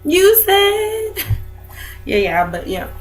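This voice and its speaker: A woman's voice: extremely high pitch, huge pitch swings, very slow, faint music behind. Chatty young woman vlogging casually. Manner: chatty, rambling, lots of fillers. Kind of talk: casual chat to camera.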